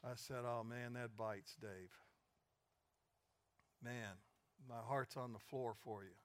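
An older man preaching a sermon, retelling conversations and building to loud, emphatic peaks. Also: mid-range voice, fairly even intonation, slow. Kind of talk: sermon storytelling.

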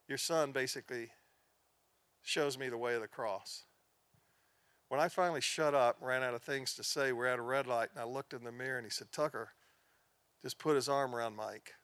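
A man's voice: mid-range voice, fairly bright tone, no room sound. Earnest male pastor telling stories. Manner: earnest storytelling, drops to near-whispers in sad moments, rises in emphasis. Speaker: pastor teaching a class. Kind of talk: sermon-style teaching.

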